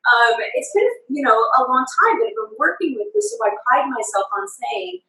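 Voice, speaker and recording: High, lively woman chef demonstrating a recipe. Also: moderate pace. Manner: chatty, laughing, explains measurements step by step. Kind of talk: live cooking demonstration. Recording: roomy echo, far from the mic.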